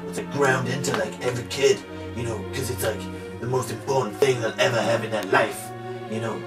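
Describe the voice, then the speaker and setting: A man's voice: mid-range voice, steady tone, a little fast, natural voice. A man playing a boastful macho rugby player in an improvised comedy monologue, rambling and full of "like" and "you know". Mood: blustering. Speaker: comic character in an amateur trailer. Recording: roomy amateur video from far off with music.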